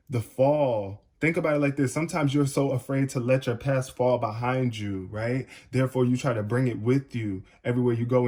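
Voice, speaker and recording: A man reading tarot cards in a loose, chatty way, talking straight to the viewer. His voice is mellow and warm, and he keeps leaning on "it's like" as he goes. His pitch sits in the middle range. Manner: casual, repeats "it's like", addresses the viewer directly. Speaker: tarot reader. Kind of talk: casual spoken tarot reading to camera.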